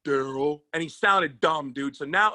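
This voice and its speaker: A man, a comedian and sports agent, telling an animated, profane story as a podcast guest. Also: sits high, a little fast, dry recording.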